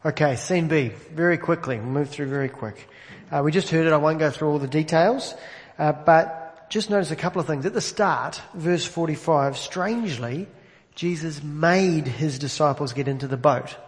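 A man's voice: fairly high pitch, moderate pace. A man preaching a sermon in a conversational way, asking the congregation direct questions over an amplified microphone in a church. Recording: long reverb of a large hall.

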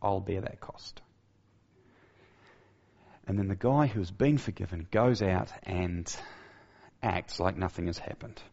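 A man preaching a sermon. He talks emphatically, repeats key phrases, restarts his sentences often and drops to a soft low voice for key points. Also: normal speed, dull audio.

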